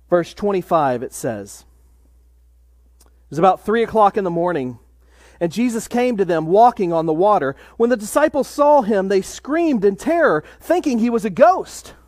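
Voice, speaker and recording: A man preaching a sermon in a measured way, dropping to a hush for emphasis. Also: high-pitched, animated, no room sound, studio quality. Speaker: pastor.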